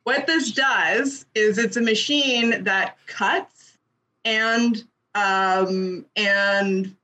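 A woman who works in costumes, explaining things in a casual, halting way and laughing easily. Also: medium pitch, pushed and bright. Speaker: costume professional. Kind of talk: casual explaining on a video call.

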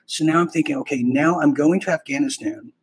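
A man's voice: on the high side, fairly quick, husky, poor audio. A man hosting a podcast, telling a rambling, self-interrupting personal story in a casual way and acting out bits of dialogue. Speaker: podcast host.

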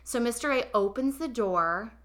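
A young woman hosting a podcast, telling a personal story in an animated, emotional way and speaking straight to her listeners. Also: on the high side, normal speed. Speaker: podcast host. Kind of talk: casual confessional storytelling.

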